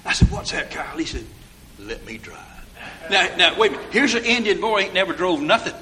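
A man's voice: sits high, animated, quick pace, bright, forceful tone. A man, preaching a sermon through rambling folksy stories in down-home grammar. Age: 60s.

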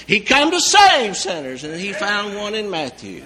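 Male preacher, high and forceful voice, folksy animated sermon, loud to hushed swings. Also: unhurried, few pauses, low-quality recording.

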